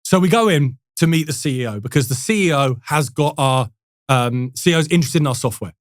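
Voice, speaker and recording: A man, a sales manager and podcast guest, telling a story in a casual, animated way, acting out quotes between laughs. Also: on the high side, fairly quick, no room sound, studio quality.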